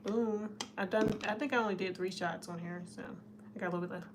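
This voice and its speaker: A woman's voice: mid-range voice, steady tone, brisk, noisy background. A woman hosting a casual live stream, chatting with her viewers and reading their comments, often laughing. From United States. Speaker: livestream host.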